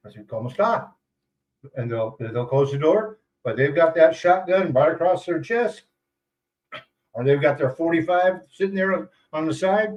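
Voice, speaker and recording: A man's voice: a little high, highs cut off. An older man, a retiree, chatting casually and rambling on a livestream, chuckling often. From United States. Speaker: retiree vlogger.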